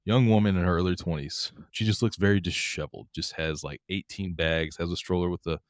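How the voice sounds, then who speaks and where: A middle-aged man co-hosting a podcast, telling travel stories in an animated way, laughing and acting out what people said. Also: sits low, brisk, no room sound, clean studio sound. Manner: animated, laughing, acts out quotes. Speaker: podcast co-host. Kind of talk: casual storytelling chat.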